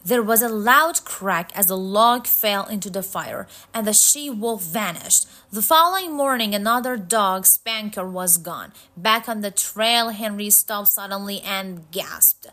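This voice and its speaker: A woman narrating a storybook tale in a slow, measured, suspenseful way. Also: medium pitch, pushed and bright.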